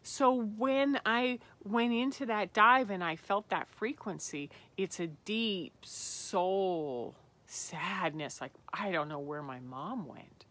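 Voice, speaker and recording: A woman's voice: mid-range voice, slow, fairly bright tone. A woman hosting a spiritual self-help talk, earnest and reflective, often falling to a whisper on tender phrases. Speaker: podcast host.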